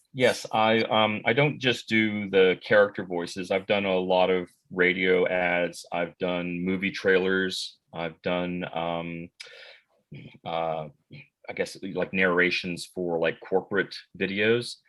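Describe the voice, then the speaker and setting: An American man who works as an actor and voice actor, answering interview questions in a relaxed, rambling way with many fillers and restarts. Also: deep voice, slow pace, rough recording. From United States.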